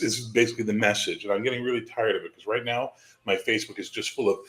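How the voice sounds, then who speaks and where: A man's voice: on the low side, fairly even intonation, fast, a bit bright. Profane ranting man, echoey sound. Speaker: guest on live stream. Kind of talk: casual ranting chat.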